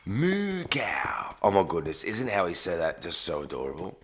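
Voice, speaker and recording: A man live-streaming a game early in the morning from a garage, talking quietly and sleepily while reading out chat. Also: low-pitched, fast, slight background noise. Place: garage with echo.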